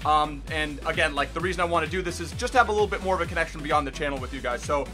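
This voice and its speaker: A young man hosting a gaming channel, answering viewer questions in a casual vlog at home, with sudden loud excited bursts. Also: on the high side, very fast, few pauses, soft background music. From Miami, United States. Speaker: gaming YouTuber host. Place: bedroom at home.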